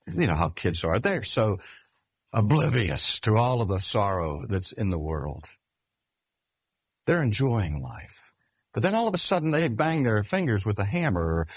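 An older man preaching a sermon in a measured, emphatic way, slowing down to stress key phrases. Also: medium pitch, no echo. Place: speaking at a cancer hospital.

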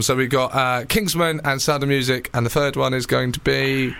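A man's voice: medium pitch, moderate pace, gravelly, hardly any pauses, a bit bright, smooth. A man hosting a podcast, joking and teasing his guest in casual chat, with sudden exclamations. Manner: jokey, teasing, bursts into exclamations. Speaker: podcast host and comedian.

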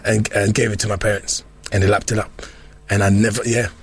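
A man's voice: on the low side, little pitch movement, a little fast, breathy edge, no room sound. A man, telling playful stories in casual chat with many restarts. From London. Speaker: guest. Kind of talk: casual storytelling.

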